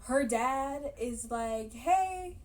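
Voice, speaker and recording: A woman's voice: on the high side, expressive, unhurried. A woman casually retelling a movie's plot to her viewers, chatty and laughing as she goes. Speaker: movie reaction vlogger.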